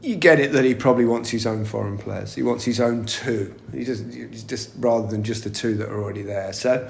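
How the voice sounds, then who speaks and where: Gravelly man telling anecdotes. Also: mid-range voice, fairly quick, a little hiss or hum. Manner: chatty anecdotal, frequent laughs and restarts. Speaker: guest, former footballer. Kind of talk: casual interview storytelling. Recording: echoey room.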